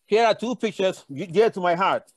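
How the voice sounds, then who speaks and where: A man's voice: high voice, expressive, moderate pace, no room sound. Impassioned older man on a panel. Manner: impassioned, digressive storytelling with many restarts. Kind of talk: conference panel talk.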